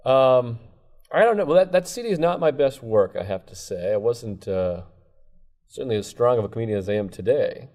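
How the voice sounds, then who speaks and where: A man's voice: medium pitch, expressive, a little fast, darkish tone. A man, a stand-up comedian, chatting casually as a podcast guest and joking about his own work. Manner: self-deprecating, laughs often. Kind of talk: casual chat.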